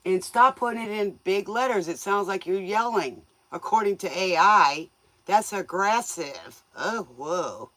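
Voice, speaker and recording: A woman's voice: medium pitch, measured pace, fairly bright tone, no room sound. Woman, tarot stream host, folksy, joking, laughs a lot, dry close sound. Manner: scolds viewers playfully. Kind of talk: casual livestream chat with viewers.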